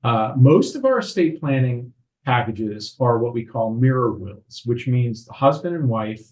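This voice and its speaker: A man, an estate planning attorney, explaining legal procedure in a measured way on a podcast conversation, slowing down on key terms. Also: medium pitch, sing-song, a little mellow, rough recording.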